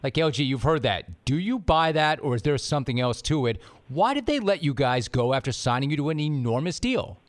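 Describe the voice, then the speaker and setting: A man's voice: on the high side, animated, brisk, hardly any pauses. A man hosting a podcast interview, asking questions enthusiastically and emphatically. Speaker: podcast host.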